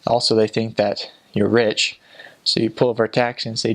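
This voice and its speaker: A man's voice: fairly low pitch, little pitch movement, brisk, low-quality recording. A young man, a returned missionary, telling stories in a casual, chatty way. He uses many fillers and restarts, and he acts out the voices of the people in his stories. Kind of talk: casual storytelling.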